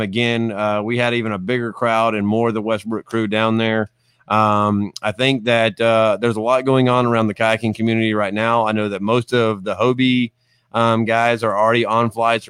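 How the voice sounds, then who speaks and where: Man, livestream host, chatty and upbeat, smooth voice, dry close sound. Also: lowish voice, no room sound. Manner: upbeat and chatty, with frequent ums and uhs. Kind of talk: casual livestream hosting. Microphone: studio mic with headphones.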